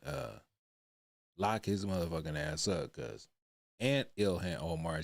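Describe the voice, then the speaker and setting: A man's voice: low-pitched, gravelly, no room sound. A man hosting a casual livestream, talking bluntly and profanely and tacking "man" onto nearly every phrase. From United States. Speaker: livestream reaction host.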